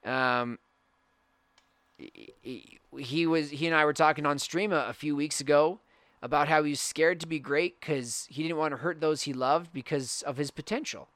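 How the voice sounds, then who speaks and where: A man's voice: a little high, moderate pace, fairly bright tone, no echo. A young man hosting a podcast, talking earnestly in a reflective monologue that rambles with restarts. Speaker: podcast host.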